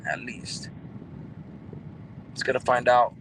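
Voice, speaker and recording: A man's voice: medium pitch, fairly even intonation, takes it slowly, fairly bright tone, a little hiss or hum, low-quality recording. A man hosting a casual livestream, reading out viewer comments and talking loosely with street slang and plenty of swearing.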